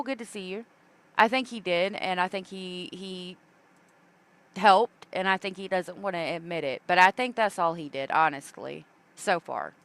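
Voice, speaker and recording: A woman's voice: on the low side, fairly bright tone, clear, resonant tone. A woman hosting a casual livestream, chatting loosely with many fillers and reading viewer comments aloud. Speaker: true crime livestream host.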